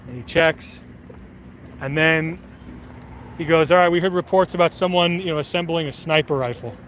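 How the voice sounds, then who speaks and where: Guy on his phone outside telling a long story, loose and sweary, kinda high voice, faint traffic behind. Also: normal speed. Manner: loose, rambling and profane, with animated quoted voices. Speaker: streamer. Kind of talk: casual storytelling while out walking.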